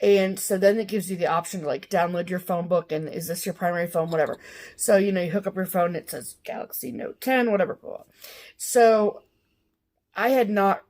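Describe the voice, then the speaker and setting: Woman cohost rambling thru a story, lots of ums and likes, mid pitch. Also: a little mellow. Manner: chatty, rambling storyteller with many fillers. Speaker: co-host of a cross-stitch show. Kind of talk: casual chat.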